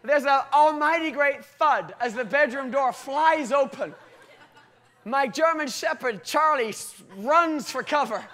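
High-voiced man preaching a sermon. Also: measured pace. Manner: animated storytelling, often breaking into acted voices.

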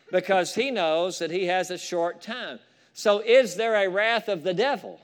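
A man preaching a fervent sermon, with asides to the congregation and rising shouts of praise. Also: high-pitched, expressive, measured pace, clear, resonant tone. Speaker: pastor.

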